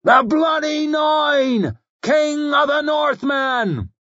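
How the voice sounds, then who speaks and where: A man voicing a battle-drunk male warrior who bellows a slow, drawn-out war chant. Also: extremely high pitch, lively intonation, bright, forceful tone, voice pushed up, heavily acted. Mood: frenzied chanting. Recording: dull lo-fi audiobook recording.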